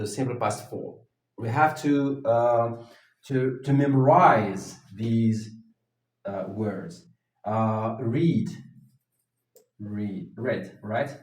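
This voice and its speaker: A man teaching an English grammar lesson at a whiteboard, talking slowly and haltingly, with many fillers and restarts. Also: medium pitch, a little mellow, recorded from a distance. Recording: echoey room, voice from off the mic.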